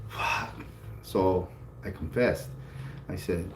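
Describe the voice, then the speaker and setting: In a roomy recording with a little background noise, a co-host of a casual chat tells a lively story. His fairly low voice is sing-song at a normal pace, and he acts out others' voices and curses freely.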